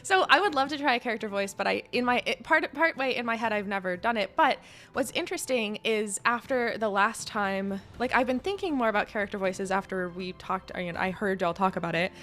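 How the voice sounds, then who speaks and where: A woman's voice: medium pitch, a little fast, fairly bright tone, faint music behind. A young woman guest on a tabletop game podcast, talking things through reflectively with lots of fillers and restarts. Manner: reflective, searching for words, many fillers. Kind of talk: casual conversation.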